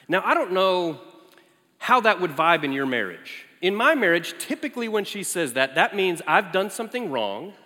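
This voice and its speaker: A man in his forties preaching as a guest, telling lively family stories with animated quotes of his child. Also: a little high. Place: large church sanctuary. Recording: echoey large hall.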